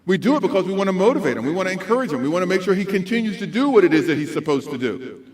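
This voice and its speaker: Give me an animated man giving a talk to educators, with a lively, bouncing voice. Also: sits high, very fast. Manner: animated, swings between loud and soft voices. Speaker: conference speaker. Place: school conference hall.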